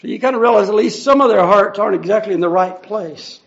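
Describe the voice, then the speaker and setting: High, gravelly male preacher, lo-fi. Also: fast. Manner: earnest, conversational, explaining each verse. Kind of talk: verse-by-verse Bible teaching. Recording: dull lo-fi recording.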